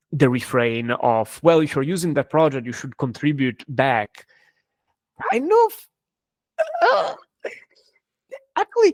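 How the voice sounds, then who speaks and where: A man's voice: mid-range voice, no room sound. Dry-sounding man, thoughtful and hesitant. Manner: thoughtful, hesitant with many fillers and restarts. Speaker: cryptography engineer and guest. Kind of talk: conversational interview answers.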